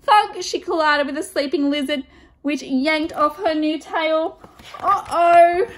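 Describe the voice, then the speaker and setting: A woman student teacher reading a picture book aloud to children, expressive and stopping to ask them questions. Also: high-pitched, slow, a little hiss or hum.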